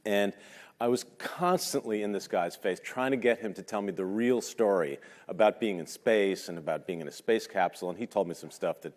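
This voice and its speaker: A man in his fifties speaks at a talk in a large lecture hall, where a long reverb trails his words. His lowish, slightly mellow voice moves briskly as he shares personal stories in a conversational, hesitant way, poking fun at himself.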